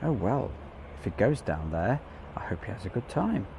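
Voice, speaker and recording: A man's voice: lowish voice, very animated, normal speed, gravelly, background noise. A man with an English Midlands accent hosting a live stream, chatting in a rambling, self-deprecating way. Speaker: livestream host. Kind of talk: casual live commentary.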